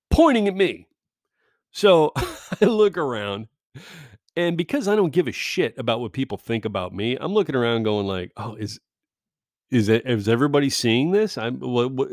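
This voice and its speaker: A man hosting a podcast, telling a story in a casual, profane, animated way and laughing often. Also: a little high, no room sound, studio quality. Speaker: podcast host.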